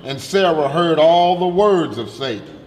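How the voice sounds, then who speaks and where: A man's voice: a little high, lively intonation, measured pace, darkish tone, reverberant, long reverb tail. A man reading scripture aloud steadily. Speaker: scripture reader.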